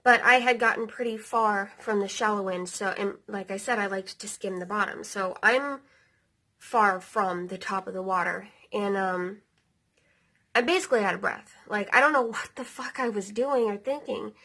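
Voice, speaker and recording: A woman's voice: mid-range voice, normal speed, bright, forceful tone. A woman in her thirties telling a personal story in a casual, rambling way, full of fillers and the odd swear word, emotional at times. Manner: emotional, near tears. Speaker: vlogger.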